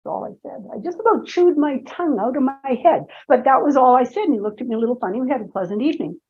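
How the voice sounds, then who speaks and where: A woman's voice: high voice, animated, fast. A woman presenting a seminar talk, telling playful personal stories with asides to the audience. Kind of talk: humorous storytelling seminar talk. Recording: dull lo-fi lecture recording.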